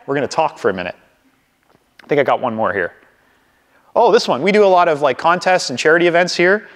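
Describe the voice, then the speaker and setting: A man leading a live sales training session for a group, coaching in an energetic way and acting out phone calls. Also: on the high side, fast talker, long pauses, in a large hall. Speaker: real estate sales trainer.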